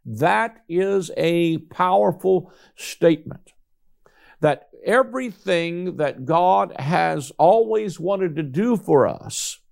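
A man preaches with an emphatic delivery, stretching out the lines he wants to land. His voice is fairly high and has a gravelly edge to it. He keeps a steady pastor's cadence throughout. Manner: emphatic preaching, slows for key points. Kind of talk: sermon.

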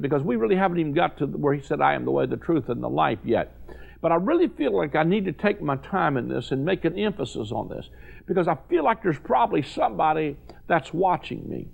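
A man's voice: fairly high pitch, very animated, brisk, gravelly, narrow, tinny audio. A man preaching a sermon, paraphrasing scripture in folksy, casual slang. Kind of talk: sermon to a watching audience.

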